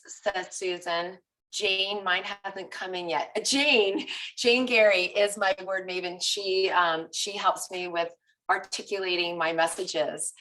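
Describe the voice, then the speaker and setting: Animated woman fitness coach, a little off-mic. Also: lowish voice, distant mic, rough recording. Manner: animated, confessional storytelling. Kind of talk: live group coaching chat.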